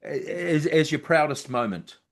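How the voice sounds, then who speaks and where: A male podcast host asking slow, easygoing interview questions with short, encouraging responses. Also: a little high, lively intonation, creaky. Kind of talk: casual interview.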